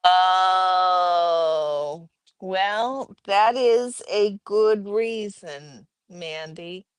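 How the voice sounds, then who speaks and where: Slow-talking woman livestream host. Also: fairly low pitch, smooth, dry recording. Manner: chatty, talks to chat viewers and her pets by name. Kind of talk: casual chat reading viewer comments.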